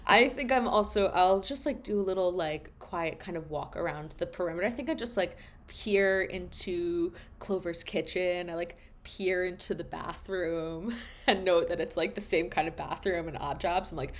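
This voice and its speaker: A woman's voice: lowish voice, normal speed. A woman playing a tabletop game, playful and often laughing. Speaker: player.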